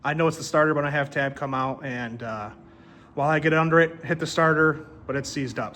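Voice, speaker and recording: A man's voice: fairly high pitch, fairly quick, pushed and bright, slight background noise. A man chatting casually and upbeat as he explains car repairs in his workshop. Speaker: shop vlogger. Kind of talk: casual how-to vlog. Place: workshop garage.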